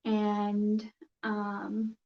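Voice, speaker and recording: A woman's voice: mid-range voice, completely flat delivery, very slow. A woman hosting a casual live stream, talking nervously and hesitantly with many fillers and restarts. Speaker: yarn crafting streamer. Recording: dull, roomy home recording.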